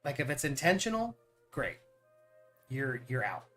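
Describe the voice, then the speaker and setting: A man's voice: medium pitch, big pitch swings, unhurried, a bit bright, faint music behind. Earnest rambling male streamer. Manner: rambling, earnest, repeats words when starting a thought. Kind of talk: casual chat on a live stream.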